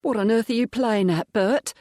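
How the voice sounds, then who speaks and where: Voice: mid-range voice, brisk, no echo, studio quality, close to an everyday voice. A narrator voicing a defiant young maid who answers sharply in an audiobook. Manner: sharp, indignant.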